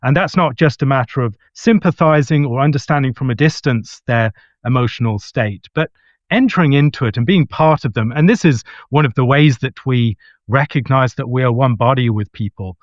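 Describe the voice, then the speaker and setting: A man's voice: medium pitch, moderate pace, dry recording, muffled recording. A man who is a guest scholar, giving an articulate, reflective answer that builds a long argument. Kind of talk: discussion answer.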